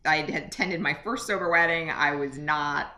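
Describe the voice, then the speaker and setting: A woman's voice: sits low, moderate pace, pushed and bright. A woman co-hosting a podcast, talking in a candid, self-mocking way with many fillers and restarts. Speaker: podcast co-host. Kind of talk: candid casual chat. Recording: roomy echo.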